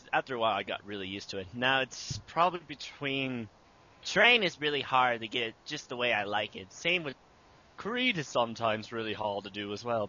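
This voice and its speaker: A man's voice: on the low side, sharp tone, highs cut off. A young man answering interview questions about making his abridged series, casual and rambling with many fillers.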